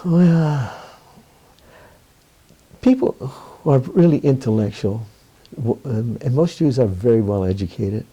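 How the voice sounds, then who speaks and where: An older man in a candid interview, telling stories in an animated way, quoting others and laughing often. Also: medium pitch, takes it slowly, long pauses, husky, muffled recording.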